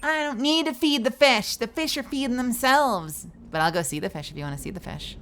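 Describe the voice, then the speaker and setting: A woman streamer chatting playfully through live gameplay commentary, with bursts of squealing and yelling. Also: a little high, animated, a little fast.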